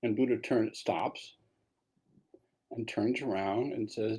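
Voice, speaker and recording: A man's voice: lowish voice, slow pace, a little mellow, husky. A man giving a dharma talk as a meditation teacher, telling a story in a casual way with asides.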